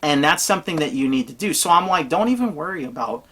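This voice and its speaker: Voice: mid-range voice, lively intonation, fast, bright, forceful tone. A tabletop role-playing gamer giving casual advice in a blunt, emphatic, rambling way.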